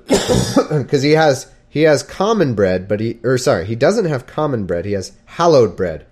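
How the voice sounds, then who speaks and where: A man reads old scripture aloud and keeps breaking off to make casual, irreverent jokes about it. His voice is mid-pitched and very lively, rising and falling a lot, and he chuckles at his own wisecracks. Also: a little slow. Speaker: scripture reader and commentator. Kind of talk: casual reading with joking commentary.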